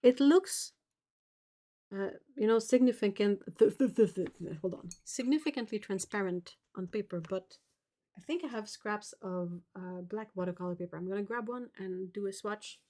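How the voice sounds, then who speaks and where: While painting on her art livestream, this woman in her forties chats casually, reads viewer comments aloud, and laughs at her own jokes. She speaks at a normal speed in a warm, medium-pitched voice.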